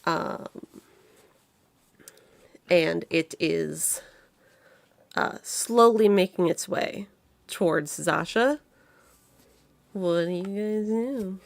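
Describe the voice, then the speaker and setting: Slow, creaky-voiced woman game master. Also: fairly low pitch, no room sound. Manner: halting, with many fillers and restarts. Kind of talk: narrating a tabletop game.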